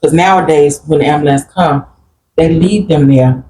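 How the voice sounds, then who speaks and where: A woman's voice: low voice, moderate pace, mellow, a little hiss or hum, poor audio. A woman guest earnestly recounting a personal grief story in a plain-spoken group conversation. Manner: earnest, plain-spoken, quotes family members while recounting.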